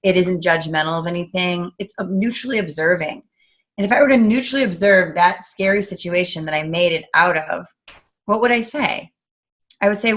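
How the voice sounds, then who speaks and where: A woman's voice: on the low side, normal speed. A middle-aged woman from the United States, talking earnestly in a casual interview and acting out the voices of people she quotes. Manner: earnest, animated, acts out quoted talk. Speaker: guest speaker, coach.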